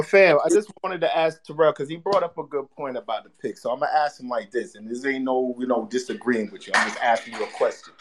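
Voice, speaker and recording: A man on a sports show, calmly asking pointed questions and settling the others down. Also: mid-range voice. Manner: calm, probing, peace-making. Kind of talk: sports debate.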